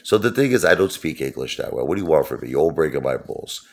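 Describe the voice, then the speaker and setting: Deep-voiced joking middle-aged man. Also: sing-song, fast. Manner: joking, self-mocking storyteller. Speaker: YouTube host. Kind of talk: casual rambling vlog talk.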